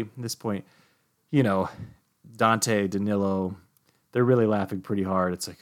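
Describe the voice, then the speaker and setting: A man with a fairly low voice hosts a comedy podcast. He rambles through a long anecdote in a deadpan tone, padding it with "like" and "you know" at every turn. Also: unhurried, pauses often. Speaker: podcast host.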